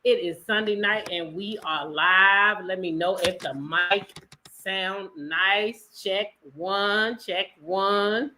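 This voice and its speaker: A woman's voice: fairly low pitch, slow pace, sharp tone, a little hiss or hum. Sassy woman hosting a live chat. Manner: sassy, greets chat members by name. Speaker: livestream host.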